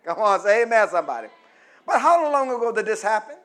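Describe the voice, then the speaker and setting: Delivering a sermon at a moderate pace, a middle-aged man uses a high voice with big pitch swings. He prompts the congregation to finish his lines, and his tone moves between quiet instruction and loud, emphatic preaching.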